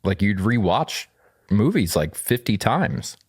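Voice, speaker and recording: Deep-voiced animated young man. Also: slow, breathy edge, dry recording, studio quality. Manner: animated, swearing, jokey. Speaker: podcast co-host. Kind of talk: casual chat.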